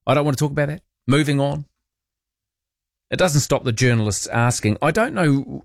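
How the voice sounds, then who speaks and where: Blunt New talk radio host. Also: male voice, mid-range voice, no room sound, clean studio sound. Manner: chatty, blunt, opinionated. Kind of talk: talkback radio hosting. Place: radio studio.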